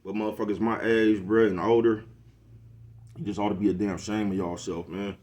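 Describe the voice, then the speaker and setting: A middle-aged man speaks to his camera in a low voice. He lectures like a preacher and keeps asking if you know what he's talking about. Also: flat delivery, a little fast, a little mellow. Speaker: social media commentator. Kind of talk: casual monologue to camera.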